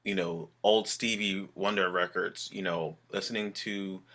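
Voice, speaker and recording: A man's voice: low-pitched, fairly even intonation, a little slow, sharp tone. A man who is a singer and actor, talking as a podcast guest in an upbeat, earnest way and laughing easily. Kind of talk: casual interview chat.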